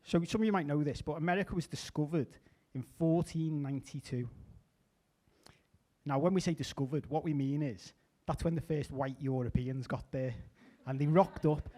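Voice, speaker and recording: A middle-aged man performing a stand-up comedy set, chatty with deadpan asides and small restarts. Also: a little high, moderate pace. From England.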